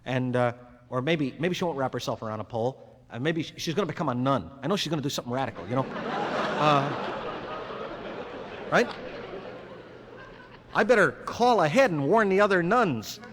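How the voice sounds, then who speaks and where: A man's voice: fairly high pitch, animated, normal speed, pauses often, background noise. A man doing a live stand-up monologue in a rambling, conversational way, acting out both sides of the dialogue himself. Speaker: stand-up comedian. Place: live venue with audience. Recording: 1961 live album, long hall reverb, faint ambience.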